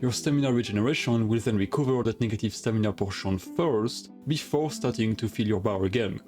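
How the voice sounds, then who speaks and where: A young man with a French accent, narrating a scripted gaming guide in a steady, methodical, explanatory way. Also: on the low side, brisk. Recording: light music behind.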